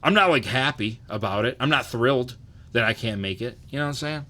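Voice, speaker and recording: A man's voice: mid-range voice, expressive, fairly quick, sharp tone. A man in his thirties hosting a casual livestream, loose and profane, often asking "you know what I'm saying". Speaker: livestream host.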